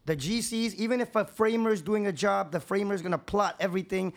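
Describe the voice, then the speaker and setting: A man's voice: high-pitched, brisk. A man, a contractor and podcast guest, talking in casual chat with a profane, emphatic, preachy manner.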